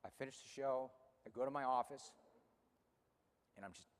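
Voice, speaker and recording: A man in his fifties speaking emotionally to an audience about losing his racehorse, halting and repeating words when upset. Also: mid-range voice, big-room sound. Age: 50s. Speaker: racehorse owner and radio host. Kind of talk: emotional personal speech to an audience. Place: room with a live audience.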